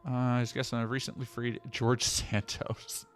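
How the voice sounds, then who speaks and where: A man's voice: medium pitch, level tone, a little slow, clean tone, faint music behind. A man streaming, reading news headlines aloud and reacting with sarcastic asides. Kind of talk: casual stream commentary.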